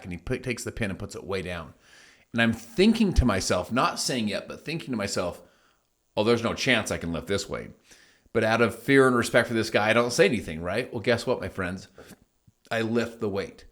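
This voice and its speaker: A middle-aged man with a lowish voice gives a motivational talk on his own show. He tells his story with emphasis and slips into the voices of the people he quotes. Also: fairly bright tone. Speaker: host. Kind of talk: motivational monologue.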